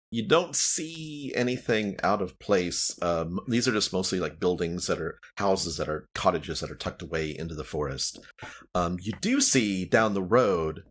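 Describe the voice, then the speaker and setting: A man's voice: low-pitched, a bit bright. A man narrating a tabletop game as dungeon master, casual and rambling.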